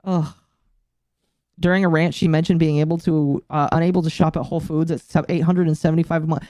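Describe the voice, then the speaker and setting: Fast-talking and medium-pitched, this live-stream host rants profanely and laughs often in a casual, animated show. The audio is clean studio sound with no room noise.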